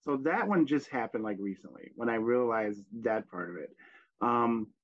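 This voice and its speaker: A man hosting a casual podcast chat, telling reflective stories in an animated way. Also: mid-range voice, moderate pace. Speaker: podcast host. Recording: dry, dull lo-fi sound.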